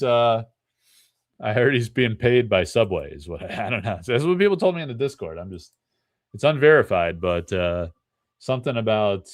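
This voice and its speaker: A man's voice: on the low side, no echo, studio quality. A man hosting a live card break stream, chatting casually and rambling, with frequent laughs between remarks.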